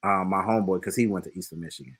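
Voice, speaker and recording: A man's voice: low voice, fairly even intonation, rapid-fire, a bit bright, husky. A man, hosting a casual podcast chat and telling stories loosely, swearing freely. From Detroit, USA. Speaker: podcast host.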